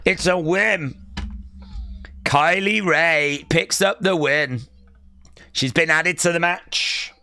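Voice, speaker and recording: A young man hosting a live wrestling watch-along, calling the action and chatting with viewers, often shouting at big moves. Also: fairly high pitch, slow pace, pauses often.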